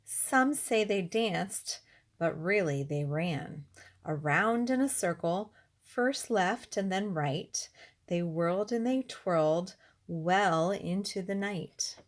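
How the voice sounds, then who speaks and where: Lady reading a rhyming bedtime story, slow and sing-songy. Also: on the low side. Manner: expressive, rhythmic rhyming delivery. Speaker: reader. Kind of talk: storybook read-aloud.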